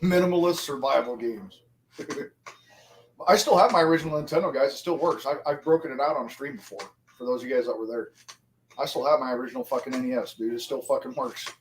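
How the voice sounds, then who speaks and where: Fast-talking and medium-pitched, this livestreamer in his forties rambles casually to his audience over slight background noise. He addresses viewers directly and swears constantly.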